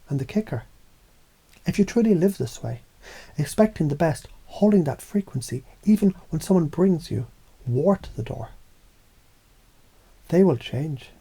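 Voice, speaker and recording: A man's voice: on the high side, animated, normal speed, gravelly, long pauses, mellow, slightly rough. A man delivering a scripted motivational monologue in an intense, profane, preachy way. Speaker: motivational speaker.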